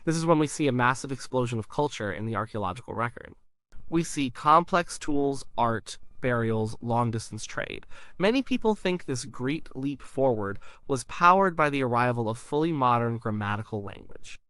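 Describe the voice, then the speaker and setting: A man's voice: medium pitch, moderate pace, no echo. Dry, close male explainer voice. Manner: explains calmly, sounds out syllables as examples. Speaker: narrator. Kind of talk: scripted explainer narration.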